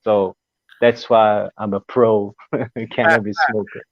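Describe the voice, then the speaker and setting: A man's voice: lowish voice, flat delivery, slow, no room sound, highs cut off. A man appearing as a guest musician in a casual radio interview, easygoing, swearing freely and laughing often.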